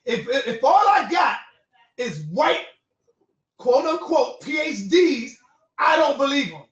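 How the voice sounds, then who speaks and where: High-voiced man pleading in debate. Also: very animated, slow, a bit bright, reverberant, far from the mic, muffled recording. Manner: pleading, placating, calls others brother. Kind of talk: heated argument.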